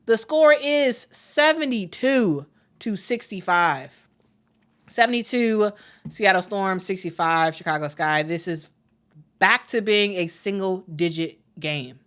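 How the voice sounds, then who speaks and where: Woman, fan-channel play-by-play caller; bright, chatty, excitable, talks to viewers. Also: medium pitch, takes it slowly. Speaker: play-by-play commentator. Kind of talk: casual live play-by-play stream.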